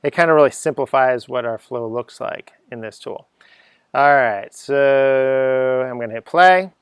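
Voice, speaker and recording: A man's voice: medium pitch, measured pace, clear, resonant tone, no echo, clean studio sound. A middle-aged man giving an unscripted coding lesson, chatty and thinking aloud, humming little sound effects as he types. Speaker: coding teacher.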